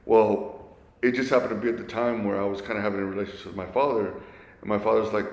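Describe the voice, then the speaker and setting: A man in his forties telling his own story in a conversation, earnest and halting, often restarting his sentences. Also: fairly low pitch, steady tone. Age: 40s. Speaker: guest. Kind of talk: candid personal storytelling in conversation. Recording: echoey, reverberant room.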